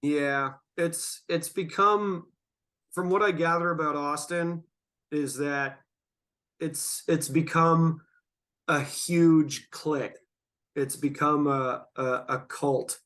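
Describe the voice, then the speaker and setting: A man hosting a casual podcast chat, rambling and drawn-out, stoned and yawning, laughing often. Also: fairly high pitch, steady tone, fairly bright tone. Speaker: podcast host.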